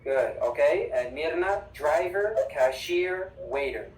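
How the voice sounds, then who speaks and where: An English teacher giving an online class, upbeat and emphatic, repeating words slowly for the students. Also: mid-range voice, animated, darkish tone. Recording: echoey room, distant mic.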